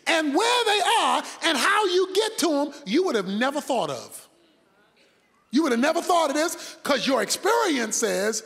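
A man preaching a sermon, dramatic, swinging between loud shouts and hushed asides. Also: very high voice, sing-song, unhurried, vocal fry, in a large hall.

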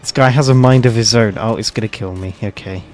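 A man's voice: on the low side, a little fast, darkish tone, soft background music. A man casually commenting on his gameplay, joking and swearing at a desk microphone. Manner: joking, swearing, reacting freely. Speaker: streamer.

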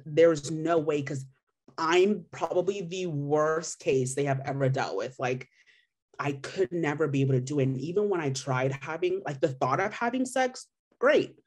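A woman's voice: sits low, moderate pace, a little mellow, breathy edge. A young woman in her twenties from Missouri, giving a candid, emotional personal testimonial full of "like" fillers. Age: 20s. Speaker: patient sharing her story.

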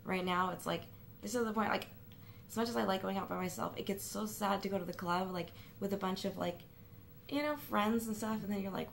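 Rambling young woman with a gravelly edge. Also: mid-range voice, brisk, a little hiss or hum. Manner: rambling, self-mocking, full of fillers and restarts. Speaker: vlogger. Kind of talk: rambling confessional vlog. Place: at home. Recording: music playing in the room.

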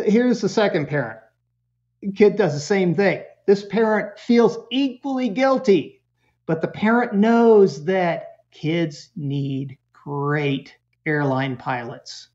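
A man speaking as a parenting expert guest in a casual interview, telling animated, humorous stories. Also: high-pitched, dull audio.

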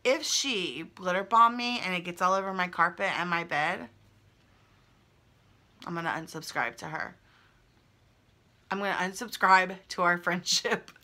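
Young woman vlogger, bright voice, chatty and gushing, camera mic at home. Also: lowish voice. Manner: chatty, gushing, thinking aloud. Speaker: vlogger opening fan mail. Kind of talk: casual chat. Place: indoors at home.

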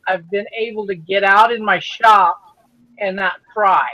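Man, high bright voice, slow chatty pace, dry close sound, home workshop. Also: steady tone, dry recording, lo-fi sound. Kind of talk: casual chat on a video call.

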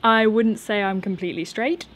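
A woman's voice: medium pitch, moderate pace, a bit bright. A young woman in her twenties, a vlogger chatting casually and nervously in her garden, laughing often. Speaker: YouTuber answering viewer questions. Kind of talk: casual unscripted chat.

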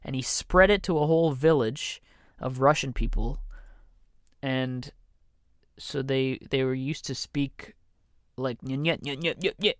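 A man's voice: mid-range voice, fairly even intonation, takes it slowly, long pauses, smooth, dry recording, studio quality. A man hosting a comedy podcast, rambling through a joking monologue, interrupting himself and dropping into mock voices. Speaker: podcast host.

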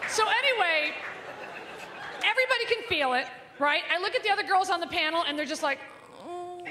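A woman's voice: extremely high pitch, expressive, fast, bright, forceful tone, some chatter behind, a little hiss or hum. A woman comedian telling a brash, profane, gossipy story on stage. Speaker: stand-up comedian. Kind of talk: stand-up storytelling. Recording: live hall recording with audience.

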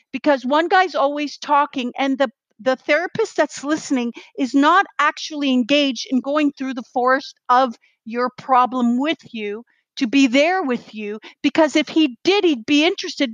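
Blunt, high-voiced woman ranting. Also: a bit bright, no room sound, poor audio. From Israel. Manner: blunt, profane, acts out little dialogues. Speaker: podcast guest. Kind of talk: animated rant.

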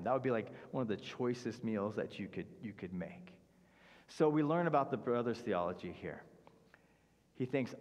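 A man's voice: on the low side, lively intonation, moderate pace, darkish tone. A man preaching a conversational sermon in a church, acting out the characters' speech and often saying "like". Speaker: pastor. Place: church sanctuary. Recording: church hall reverb.

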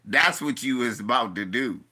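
A man hosting casual reaction commentary, loud, crude and joking, often breaking into laughter. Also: mid-range voice, moderate pace, husky. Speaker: host.

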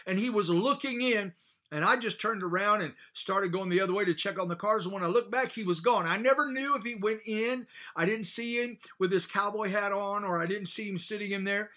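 A man's voice: sits high, fairly quick, sharp tone. A man preaching a sermon with fervor, dropping in hallelujahs and telling a personal story with frequent restarts. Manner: fervent preaching with hallelujah interjections; storytelling with repeated false starts.

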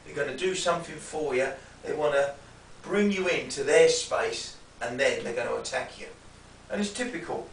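A man's voice: mid-range voice, animated, moderate pace, distant mic. Man, self-defence instructor, checks in with "yeah?", roomy echo, faint hiss. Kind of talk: demonstration lesson.

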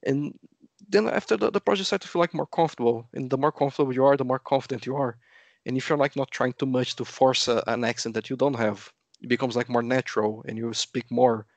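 Guest, man from Brazil, native Portuguese speaker, gravelly voice, dry close sound, lively storyteller. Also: medium pitch, fast talker, no room sound. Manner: lively storytelling, acts out quotes. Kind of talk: casual interview chat.

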